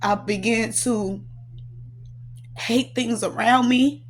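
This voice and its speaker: A woman's voice: a little high, fairly even intonation, takes it slowly, a little hiss or hum. A woman, a prophetess, telling her personal testimony with earnest emotion, recounting it through quoted dialogue.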